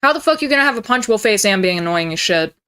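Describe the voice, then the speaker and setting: A woman's voice: medium pitch, lively intonation, racing, noisy background. A woman in her twenties, a streamer giving heated, profane reaction commentary with a mocking edge. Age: 20s.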